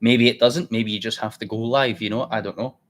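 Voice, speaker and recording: A man's voice: on the low side, fairly even intonation, a little fast, a bit bright. A man hosting a live trading stream, chatty and blunt, thinking aloud as he works. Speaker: trading livestream host. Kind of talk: casual live trading commentary.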